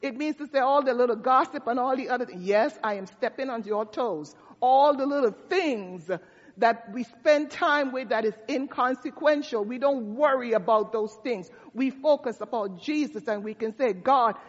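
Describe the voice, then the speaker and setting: A woman's voice: a little high, moderate pace. A woman pastor preaching a sermon, telling a story in a conversational way with asides to her congregation. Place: church sanctuary. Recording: dull sound with long hall reverb.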